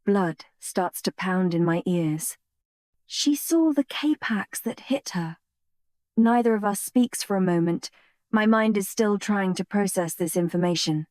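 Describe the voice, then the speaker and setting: Slow, mellow woman narrating an audiobook. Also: medium pitch, no echo, studio quality. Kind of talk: first-person fantasy romance narration.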